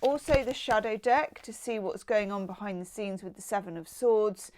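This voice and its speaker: A woman's voice: mid-range voice, moderate pace, a little mellow, slight background noise. A middle-aged woman chatting casually through a tarot card reading, with exclaimed asides. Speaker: tarot reader.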